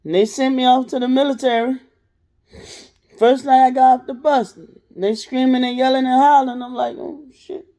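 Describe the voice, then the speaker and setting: A young adult woman telling a profane, animated storytime rant as a vlogger, laughing and acting out voices. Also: high voice, moderate pace.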